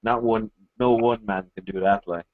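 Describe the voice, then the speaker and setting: A man co-hosting a casual film podcast, easygoing and rambling with hesitant pauses. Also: lowish voice, fairly even intonation, no room sound. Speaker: podcast co-host. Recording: dull dry lo-fi podcast mic.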